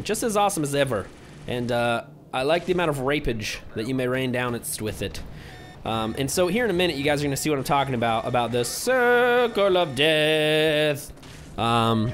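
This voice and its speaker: A man's voice: medium pitch, slight background noise. A young man giving casual, rambling commentary over his video game play, hyper and easily distracted. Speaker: gaming commentator.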